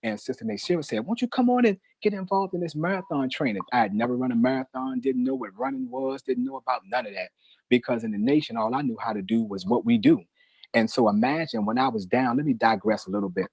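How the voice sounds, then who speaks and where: A man's voice: mid-range voice, fast talker, a little mellow, husky, no echo, low-quality recording. A middle-aged man telling a personal testimony in an emphatic, preacher-like way, often calling the host brother. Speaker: guest, newspaper manager.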